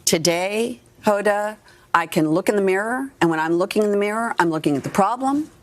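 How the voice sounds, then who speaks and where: A woman's voice: mid-range voice, lively intonation, fairly quick. A woman in her sixties, an actress speaking frankly and emphatically as a guest on a morning TV interview. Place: TV studio.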